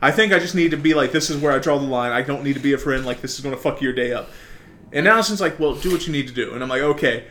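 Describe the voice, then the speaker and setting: A man's voice: medium pitch, very fast, a little hiss or hum. A man on a casual podcast telling a story, swearing freely and acting out the people he quotes. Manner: animated, swearing, acts out quoted voices. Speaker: podcast co-host.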